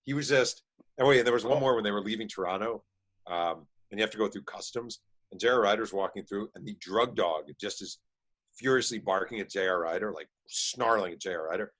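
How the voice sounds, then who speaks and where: Low-ish guy, author on a podcast, rattling off stories fast with lots of ums and likes. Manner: animated storyteller, quick bursts, many fillers. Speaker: author and interview guest. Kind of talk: casual storytelling chat.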